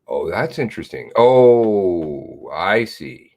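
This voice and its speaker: A man's voice: low voice, lively intonation, unhurried. A man hosting a live stream, chatting in a rambling way and reading viewers' comments and emails aloud, with blunt, casual swearing. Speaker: livestream host.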